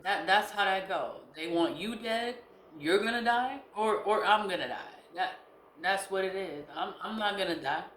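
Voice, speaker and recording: A woman's voice: mid-range voice, normal speed, a bit bright, echoey room, a little hiss or hum. A woman vlogger ranting casually to camera, blunt and profane, repeating herself with laughing asides.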